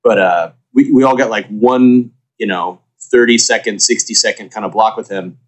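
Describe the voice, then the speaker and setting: A man guest on a podcast, talking in a blunt, lively way and quick to interrupt. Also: on the low side. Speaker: podcast guest, former baseball player. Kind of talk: casual podcast chat.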